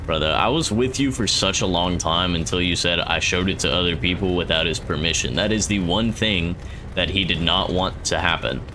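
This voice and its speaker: A man's voice: deep voice, normal speed, noisy background. A young man casually commenting as he plays a game, joking, reacting aloud and slipping into silly voices. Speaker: gameplay streamer. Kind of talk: let's play commentary.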